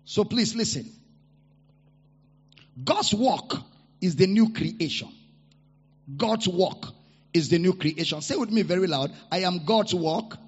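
A man preaching a sermon to a congregation. He repeats his key lines and leads the people in loud declarations. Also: high voice, expressive, slow pace, pauses often, breathy edge. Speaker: pastor. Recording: reverberant hall, dull lo-fi sound.

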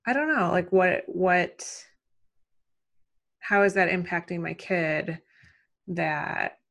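Her voice lowish, gravelly, and a little bright, a mother in her thirties guests on a podcast, rambling casually about parenting concerns while questioning herself and leaning heavily on fillers.

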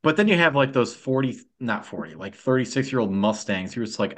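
A man's voice: mid-range voice, expressive, a little fast. A man co-hosting a podcast in casual chat, telling army anecdotes and laughing as he goes.

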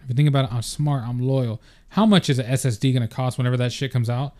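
Young man, podcast co-host, smooth clear voice, laid-back, joking, swears a lot. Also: mid-range voice, quick pace, dark tone. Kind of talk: casual chat.

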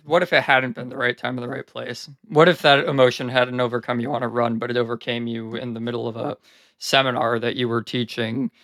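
A man's voice: medium pitch, little pitch movement, a little fast, a bit bright, no echo, clean studio sound. Rambling, reflective man on a podcast. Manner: rambling and reflective, many "like" and "you know" fillers. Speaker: podcast host. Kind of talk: casual podcast conversation.

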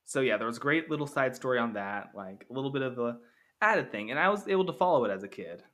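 Young man, casual film commentary, bright tone, rambling, jokey, self-correcting. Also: mid-range voice, lively intonation, fast talker. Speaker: film reviewer.

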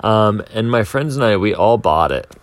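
Young guy, lowish voice, rambly self-mocking storytelling, dry close sound. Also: animated, moderate pace, no echo. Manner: rambling, self-mocking, with filler words and restarts. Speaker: speaker telling a timed anecdote. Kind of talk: casual storytelling.

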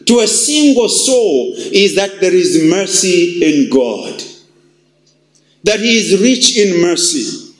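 A man preaching a sermon as pastor, emphatic and repetitive, with wide swings in pitch for emphasis. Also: sing-song, takes it slowly. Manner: emphatic, repeats phrases, shifts pitch widely for emphasis. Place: church. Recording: echoey church hall.

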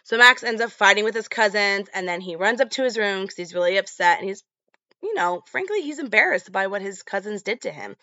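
A woman hosts a podcast and retells a film in a relaxed, chatty way, full of fillers. Her voice is bright. The recording is dry and a little muffled. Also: mid-range voice, fairly quick, no room sound. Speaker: podcast host. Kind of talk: casual film recap.

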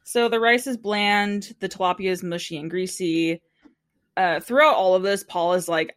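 A young woman co-hosting a podcast, casually recapping a TV episode in an animated, chatty way and acting out the people in it. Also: on the low side, moderate pace, dry recording, clean studio sound. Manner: chatty, animated retelling with quoted impressions and frequent laughter. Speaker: podcast co-host.

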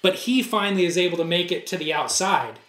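High-voiced man telling a story animatedly. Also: fast talker. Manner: animated storyteller, acts out quotes. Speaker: podcast co-host. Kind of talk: casual chat, storytelling. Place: surf museum. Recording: roomy echo.

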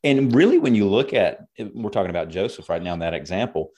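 Earnest preaching man with a low voice. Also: expressive, fast, darkish tone, slightly rough, lo-fi sound. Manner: earnest, preachy, quotes scripture. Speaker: pastor and co-host. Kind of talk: conversational ministry talk.

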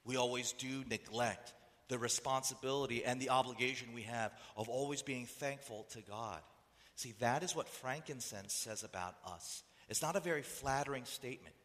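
A man's voice: mid-range voice, normal speed, fairly bright tone. A man preaching a sermon who keeps asking the listeners rhetorical questions. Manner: rhetorical questions, acts out voices. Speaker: pastor. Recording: echoey hall reverb.

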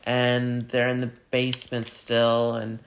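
A man co-hosting a podcast, casually retelling a TV episode with lots of filler words and loud acted-out lines. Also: medium pitch, completely flat delivery, slow pace, slight background noise. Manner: rambling, acts out lines in loud put-on voices. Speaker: podcast co-host.

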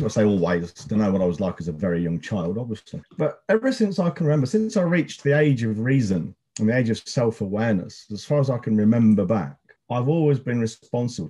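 A man's voice: medium pitch, dark tone, breathy edge. A man in his fifties hosting a podcast, telling rambling, sweary stories in casual chat. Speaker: podcast host.

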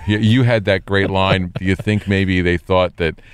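A middle-aged man co-hosting a casual movie review chat, measured and rambling, often interrupting himself. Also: deep voice, steady tone, clear, resonant tone, no echo. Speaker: podcast co-host.

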